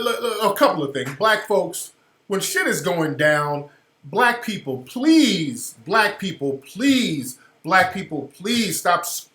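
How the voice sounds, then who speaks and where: A man's voice: sits high, bright, forceful tone, reverberant. A man hosting a talk radio show, giving blunt, profane commentary and repeating phrases for emphasis.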